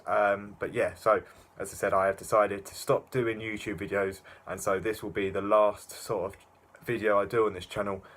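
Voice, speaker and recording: Low-voiced young man rambling. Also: a bit bright. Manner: rambling, self-mocking, lots of fillers. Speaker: YouTuber. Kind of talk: casual reaction commentary.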